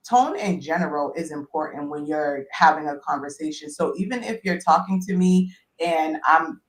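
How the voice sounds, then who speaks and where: A woman on a panel talk explaining her point in a measured, careful way. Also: on the low side, poor audio.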